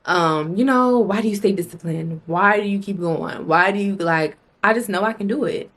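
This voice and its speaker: A young woman vlogging straight to her viewers in a casual, unscripted way. She is blunt and emphatic, swears freely, and hammers her points home by repeating phrases. Her voice sits at an ordinary middle pitch for a woman. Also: normal speed, fairly bright tone. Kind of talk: casual motivational vlog talk.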